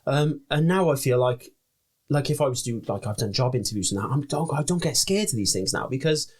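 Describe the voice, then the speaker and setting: A man's voice: mid-range voice, animated, brisk, a little mellow, breathy edge. A young man from Wales co-hosting a podcast, chatting casually, swearing freely and restarting his sentences often. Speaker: podcast co-host. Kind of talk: casual chat.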